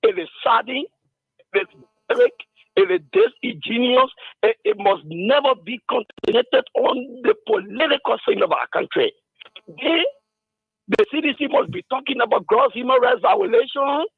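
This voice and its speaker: Male caller, declamatory, high-ish pitch, heard over a tinny phone line. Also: big pitch swings, normal speed, creaky, breathy edge, no room sound. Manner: declamatory, repetitive emphasis. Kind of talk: political call-in speech.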